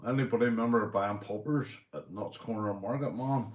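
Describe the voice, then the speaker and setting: Brisk and fairly low-pitched, a Northern Irish man hosts a wandering livestream chat in an echoey room. Beer has made him tipsy and boisterous, and he swears and laughs a great deal.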